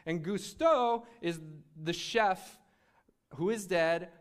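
A young man preaching a sermon in a lively, conversational way, often restarting his sentences. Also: high voice, slow pace.

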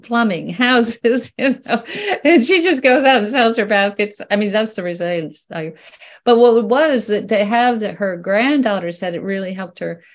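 An older woman talking as an interview guest, in a lively, casual way, laughing often and restarting her sentences. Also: mid-range voice, normal speed. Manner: animated, laughs often, many restarts and fillers. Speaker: guest, researcher.

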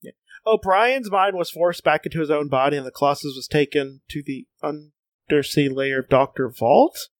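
A man's voice: fairly high pitch, normal speed, dry recording. A man co-hosting a casual comics podcast. He reads passages aloud, laughs a lot and often restarts his sentences. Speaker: podcast co-host.

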